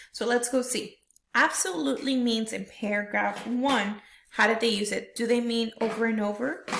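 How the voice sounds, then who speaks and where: A woman teacher with a somewhat high voice leads a reading lesson for young children. She works through the text step by step and keeps checking in with "right?". The recording has a roomy echo. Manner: explains step by step, tags questions with "right?".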